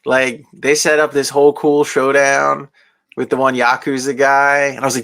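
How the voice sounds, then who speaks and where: A man's voice: mid-range voice, level tone, moderate pace, vocal fry, a bit bright. A young man chatting casually about movies, rambling with many fillers and restarts. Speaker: movie discussion guest.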